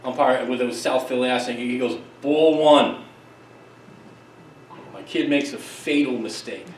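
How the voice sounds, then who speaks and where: A middle-aged man giving a conference keynote, telling stories in an emphatic, lively way with quick asides. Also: mid-range voice, slight background noise. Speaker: keynote speaker, psychologist. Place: conference hall. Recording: echoey hall, distant mic, faint ambience.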